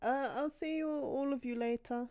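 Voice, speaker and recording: A woman streaming a game, reacting with loud, sweary outbursts and shrieks of disbelief. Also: high-pitched, steady tone, normal speed.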